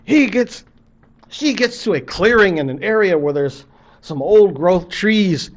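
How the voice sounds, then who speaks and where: A man's voice: sits high, lively intonation, measured pace. An older man, a college professor, telling a traditional story in a folksy, conversational way, acting out the scenes. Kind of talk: traditional story told to camera.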